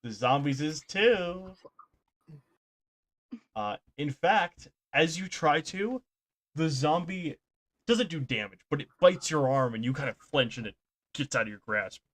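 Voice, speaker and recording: A man's voice: a little high, expressive, a little slow, pauses often, a bit bright. A man running a tabletop game as dungeon master, talking casually, laughing and swearing a little.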